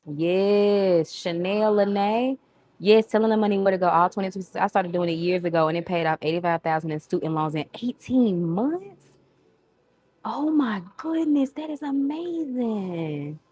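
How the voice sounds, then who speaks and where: A woman's voice: on the low side, normal speed, darkish tone. Chatty woman with a Southern accent hosting a live cooking stream from her kitchen, casual and friendly with viewers. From Southern United States. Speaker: home cooking livestream host. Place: home kitchen. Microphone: new microphone.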